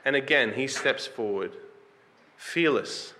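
Bright-voiced man preaching a sermon. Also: medium pitch, slow pace. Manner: conversational, asks the listeners questions; reads scripture aloud with rising emphasis.

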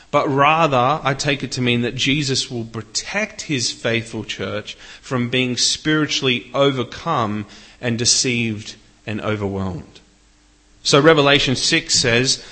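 With a medium-pitched, sharp-toned voice, a man preaches earnestly. His voice rises whenever he reads from scripture.

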